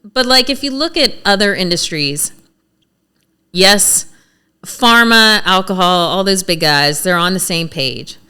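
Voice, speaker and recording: A woman speaking as a policy advocate in a casual podcast conversation, blunt and animated, acting out what lawmakers said to her. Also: medium pitch, unhurried, clear, resonant tone. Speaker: cannabis policy advocate guest.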